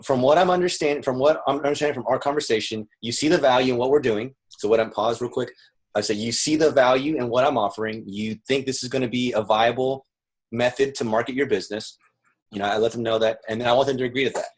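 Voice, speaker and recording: A man with a husky mid-range voice teaches marketing sales over a video call. Earnest, he explains things step by step and uses role-play in the lesson.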